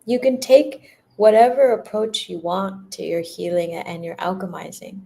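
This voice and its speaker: A woman's voice: medium pitch, fairly even intonation, a little slow, gravelly, warm tone. A young woman giving a casual spiritual talk to her viewers, laughing often, repeating herself and acting out little quoted voices. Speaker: spiritual energy reader.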